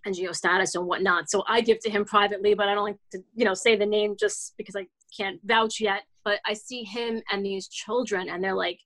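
A woman's voice: medium pitch, fairly even intonation, a little fast, hardly any pauses, fairly bright tone, low-quality recording. A woman in her forties, a children's author, telling her story as an interview guest in a casual, earnest way, with many restarts and "like" fillers. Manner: rambling, frequent "like" fillers and restarts.

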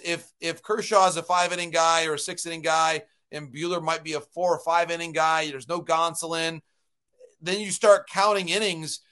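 High-voiced, brisk male analyst. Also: fairly bright tone. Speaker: baseball analyst guest. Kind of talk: analytical sports interview talk.

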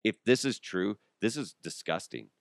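This young male podcast host has a creaky voice on the low side, with big pitch swings and a normal speaking speed. He riffs through a comedic monologue, laughing and trying out voices. There's no echo, and the sound is studio quality.

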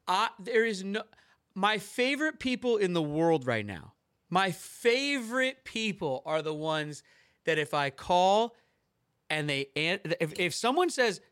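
A man hosting a podcast, talking in a high, lively voice that leaps all over the place. He rants theatrically and piles on exaggerated outrage. The recording is close and dry. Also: dry recording. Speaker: podcast host. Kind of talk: casual chat.

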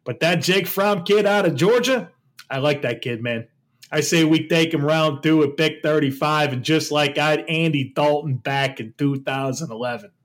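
A drawling, folksy head coach holds forth on his draft picks, in an impression a man puts on. The delivery is slow and emphatic, set a little higher than the speaker's own voice, with "man" dropped in at the ends of lines. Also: lightly acted. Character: folksy impression of a gravelly pro football head coach, middle-aged man.

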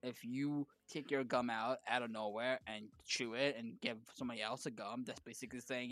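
A man's voice: mid-range voice, fairly even intonation, fairly quick, hardly any pauses, fairly bright tone, no echo, faint music behind. A young man co-hosting a podcast, talking bluntly and emphatically in casual chat. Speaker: podcast co-host. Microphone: studio podcast mic.

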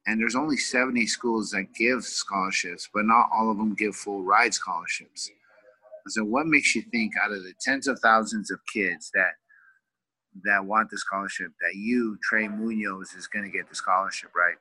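A man in his forties from California tells an emotional story as a guest, rambling and leaning on fillers. His voice is very bright and forceful, and it sits a bit low. It is recorded close and dry, with no room sound. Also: normal speed, slightly rough, no echo, rough recording. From California, USA. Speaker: wrestling coach, guest. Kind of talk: heartfelt personal storytelling.

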